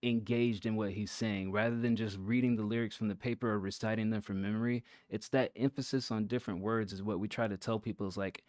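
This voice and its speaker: A man with a lowish voice hosts a casual review of a listener's rap track. He talks loosely, with plenty of "like" and restarts. The sound is dry and close, with no room around it. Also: a little fast, few pauses, dry recording. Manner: relaxed, talks through thoughts with many fillers and restarts.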